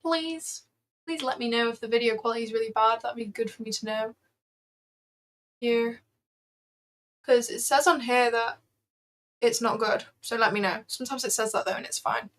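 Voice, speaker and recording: A woman's voice: on the high side, little pitch movement, normal speed, long pauses, fairly bright tone. A woman hosting a casual trading livestream, chatting freely with lots of fillers and answering viewers as she goes. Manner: chatty, filler-heavy, answers chat aloud.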